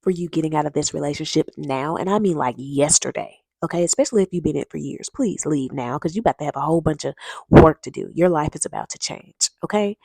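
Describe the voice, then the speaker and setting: Woman vlogger, deep gravelly voice, direct and urgent, casual storyteller. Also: warm tone, no echo. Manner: direct, emphatic, urging; chatty storytelling, addresses viewers as y'all. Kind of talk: casual advice talk to camera.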